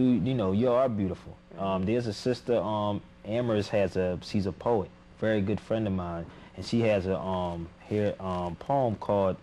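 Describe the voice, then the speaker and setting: Very deep-voiced casual man. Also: darkish tone, a little hiss or hum. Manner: casual, loose, repeats words. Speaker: panel guest. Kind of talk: casual panel discussion.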